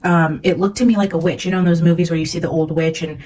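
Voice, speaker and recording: Earnest rambling woman, low voice. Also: fairly even intonation, fast talker, darkish tone, rough recording. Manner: earnest, rambling, many "like" fillers. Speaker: psychic medium. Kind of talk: casual monologue reading her notes.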